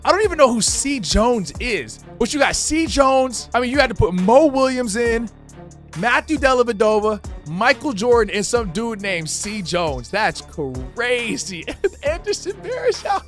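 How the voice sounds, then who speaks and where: A man narrating his own basketball video game like a sportscaster, loud and slangy, shouting at big plays. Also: very high-pitched, sing-song, unhurried, faint music behind. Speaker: gaming YouTuber. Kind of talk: playful sportscaster-style play-by-play over a video game.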